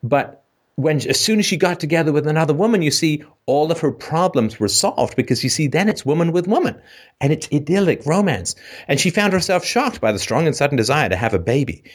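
A male host of a call-in show rants sarcastically and with animation. His slightly high voice swoops up and down in lively jumps. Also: a little fast.

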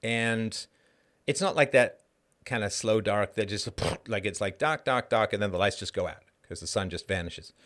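At a normal speed, a low-voiced Canadian livestream host tells stories in a casual monologue. He's animated throughout and plays out the people he quotes.

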